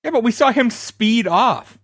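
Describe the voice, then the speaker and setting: A man co-hosting a podcast in casual chat, skeptical and quick to pick apart plot logic. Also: very high voice, lively intonation, a bit bright, slightly rough, no room sound, studio quality. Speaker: podcast co-host.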